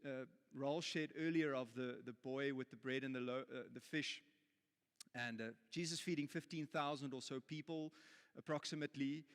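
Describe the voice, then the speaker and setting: Preaching in a church auditorium, a pastor with a South African accent tells a story that moves from jokey and playful to earnest. His voice is mid-range, steady and smooth at a normal speed, with a big-room sound.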